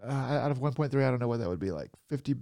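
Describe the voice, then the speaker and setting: A man's voice: medium pitch, animated, very fast, creaky, mellow, no room sound. A man co-hosting a casual podcast over a call, talking in a mid-range voice. He is chatty, laughs easily and gets heated. The sound is dry and close. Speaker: podcast co-host. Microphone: remote call mic.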